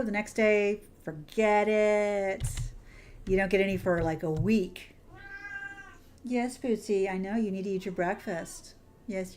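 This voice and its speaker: A woman game streamer talking casually to her chat as she plays. Her voice sits in an ordinary middle pitch, warm in manner and full of endearments. A faint hum of background noise runs underneath. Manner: affectionate, chatty, greets viewers with endearments. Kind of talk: casual livestream chat while playing.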